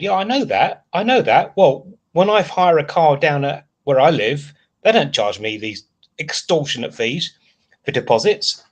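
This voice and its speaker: A man's voice: on the high side, lively intonation, a little slow. Frustrated Englishman ranting on a livestream. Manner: frustrated rambling rant, reading out chat comments. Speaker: livestream host. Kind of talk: casual live chat.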